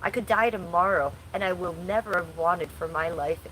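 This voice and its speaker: A woman's voice: on the low side, normal speed, a bit bright, slight background noise, rough recording. A woman in her forties hosting a casual livestream from home, chatting bluntly and crudely while reading chat aloud. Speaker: livestream host.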